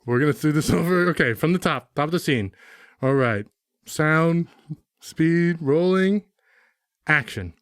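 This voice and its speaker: A man's voice: fairly high pitch, expressive, unhurried, pauses often, smooth, no echo, studio quality. A young man co-hosting a comedy podcast, acting out a bossy, exasperated film director with frequent laughter. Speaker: podcast co-host. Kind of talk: improvised comedy sketch, playing a film director.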